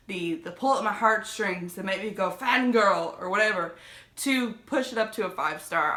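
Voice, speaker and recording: A woman talking about her favorite books in a casual vlog, gushing and excitable, rambling with lots of fillers. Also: medium pitch. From United States. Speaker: book vlogger. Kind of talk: casual book review vlog. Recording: echoey room.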